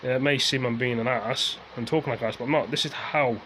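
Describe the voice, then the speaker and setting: A man's voice: medium pitch, steady tone, fast, pushed and bright, slight background noise, poor audio. A man ranting casually to his viewers, rambling and repeating himself as he airs his frustration. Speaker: vlogger.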